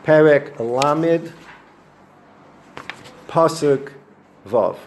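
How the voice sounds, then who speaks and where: A man's voice: on the high side, expressive, very slow. A man, a rabbi, gives a weekly Torah lesson, telling the stories with animation and dropping Hebrew and Yiddish terms. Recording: echoey room with faint noise.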